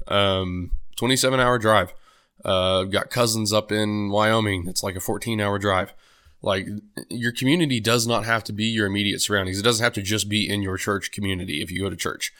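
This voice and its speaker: A young man with a fairly low, bright, forceful, smooth voice talks alone on his podcast. His solo monologue is casual and rambling, full of fillers and restarts.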